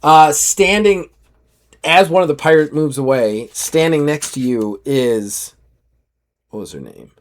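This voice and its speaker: A man with a slightly high voice speaks a little slowly, acting as game master for a tabletop game. He tells the action vividly and loosely, leaning on lots of fillers like "like" in his animated storytelling.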